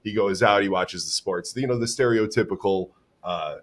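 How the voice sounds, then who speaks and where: A man in a casual talk show chat, describing a show in a relaxed, amused way. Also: on the low side, normal speed.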